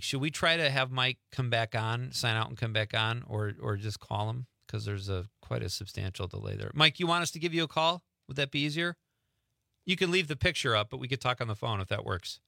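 A man's voice: mid-range voice, gravelly, bright, forceful tone, dry recording, clean studio sound. A man hosting a radio show in casual chat, talking loosely and laughing easily. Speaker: radio host.

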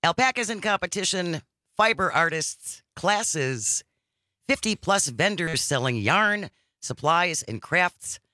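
A man's voice: high voice, lively intonation, slow, bright, forceful tone, dry recording. A man hosting a radio talk show in casual banter, reading news items aloud on a studio mic.

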